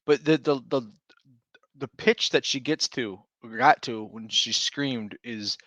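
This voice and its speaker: Laid-back dad telling a rambling story. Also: male voice, medium pitch, measured pace, a bit bright, no room sound. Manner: rambling storytelling with laughs and restarts. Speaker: podcast co-host, stay-at-home dad. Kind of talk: casual chat.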